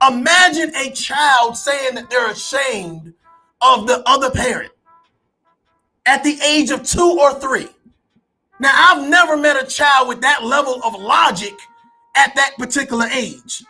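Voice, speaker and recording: A man who is a parent, ranting as an online commentator to his audience, profane and incredulous, with bursts of shouting. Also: very high-pitched, unhurried, breathy edge. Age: adult parent. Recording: faint background music.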